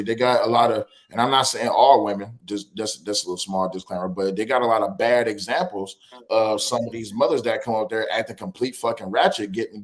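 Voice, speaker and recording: A man hosting a casual talk, with speech that tumbles out quickly. He is blunt and swears freely, and he hammers his points by repeating them. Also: on the low side. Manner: blunt, profane, emphatic, repeats phrases for stress. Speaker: podcast host. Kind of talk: casual discussion.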